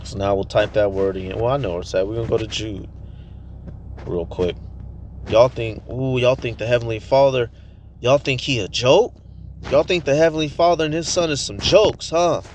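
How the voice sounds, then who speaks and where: A man's voice: mid-range voice, a little mellow, a little hiss or hum. Fiery, profane man preaching. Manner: heated, profane, fast rhetorical questions. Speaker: street preacher vlogger. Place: at a tire shop, near a vehicle.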